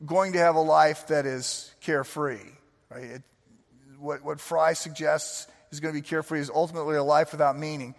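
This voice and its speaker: A man preaching a sermon, earnest and conversational, telling stories with frequent restarts. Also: a little high. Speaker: pastor. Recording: long hall reverb.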